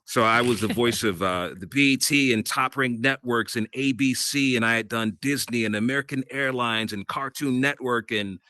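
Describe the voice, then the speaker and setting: A middle-aged man, a radio host and voiceover artist, telling his career story in a casual interview, animated and laughing often. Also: mid-range voice, normal speed, hardly any pauses, no echo.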